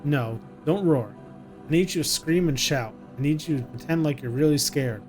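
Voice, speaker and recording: Guy doing a scared young mom whispering to her kid, kinda high voice, faint music behind. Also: moderate pace, close to an everyday voice. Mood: hushed, coaxing. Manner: hushed and soothing, coaxing a child. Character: frightened young mother protecting her son. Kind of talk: reading game dialogue aloud.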